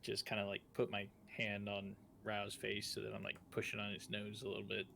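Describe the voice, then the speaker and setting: A man playing in a tabletop game, eager and loud as he describes what his character does. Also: lowish voice, fairly quick, gravelly, slight background noise. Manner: eager, gets loud and excited. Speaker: player.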